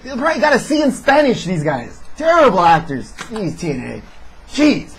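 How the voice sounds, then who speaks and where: A man reviewing a wrestling show in casual chat, sarcastic and animated as he recaps. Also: high-pitched, moderate pace, slightly rough, poor audio.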